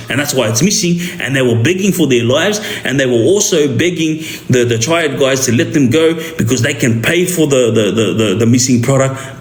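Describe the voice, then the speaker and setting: Aussie guy telling a story, animated, keeps going "yeah?", echoey room. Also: medium pitch. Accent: Australian. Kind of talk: casual street storytelling. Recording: roomy echo.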